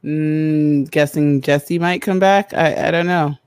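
A podcast co-host chatting casually about reality TV, deadpan and halting, searching for words. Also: medium pitch, clean tone, no room sound.

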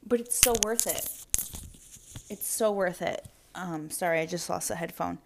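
A woman's voice: on the low side, moderate pace, creaky, slight background noise. A young woman hosting a casual solo podcast from home, chatty and rambling, slightly out of breath, swearing now and then. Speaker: podcast host. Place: at home with pets around.

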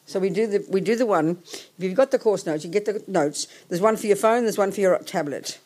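A woman's voice: mid-range voice, a little fast, a little mellow. A woman from England, leading a hybrid group session in a meeting room, rambling and cutting herself off as she sorts things out. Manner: rambling, self-interrupting, talks while sorting things out. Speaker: session leader. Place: meeting room with a live audience and remote listeners.

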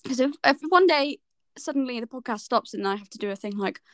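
A woman's voice: fairly high pitch, expressive, fairly quick, a bit bright. A young woman with a West Country accent, co-hosting a casual podcast chat, swearing freely and acting out people she quotes. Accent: West Country English. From West Country, England. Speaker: podcast co-host.

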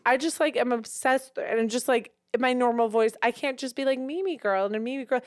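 A woman co-hosting a podcast in casual chat, giggly and animated as she tells stories, on a close mic. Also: on the high side, fairly quick, dry recording. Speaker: podcast co-host.

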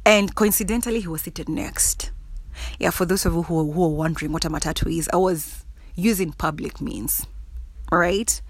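A woman's voice: lowish voice, normal speed, no room sound. A young Kenyan woman with a Kenyan accent, vlogging casually, laughing often and speaking bluntly with frequent swearing. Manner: laughs often, blunt and cussing, animated and emphatic. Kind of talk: casual monologue to camera.

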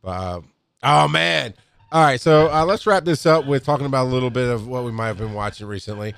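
A middle-aged man co-hosting a podcast, telling a story in casual chat, swearing freely and loudly acting out quotes. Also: mid-range voice, fairly quick, creaky. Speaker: podcast co-host.

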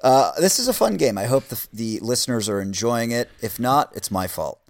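A man's voice: mid-range voice, expressive, moderate pace, noisy background. A man co-hosting a podcast in casual chat, playful and often laughing as he runs a list game. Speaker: podcast co-host.

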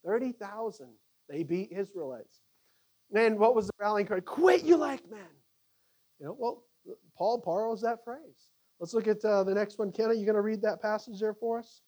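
A man teaching a Bible study to a group, animated and conversational, with frequent halting restarts. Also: high-pitched.

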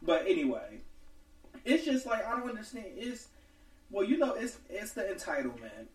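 Podcast co-host in his twenties, man, high animated voice, roomy sound. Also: normal speed. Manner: rambling, lots of "like". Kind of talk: casual chat.

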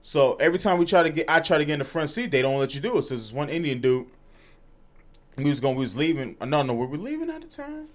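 A man's voice: on the high side, sing-song, quick pace. A man from New York co-hosting a podcast, telling stories in casual chat, swearing freely and laughing through them. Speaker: podcast co-host.

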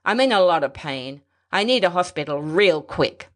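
A woman voicing a desperate, injured male fugitive who talks in a gruff, clipped snarl. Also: lowish voice, lively intonation, normal speed, lightly acted. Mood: angry.

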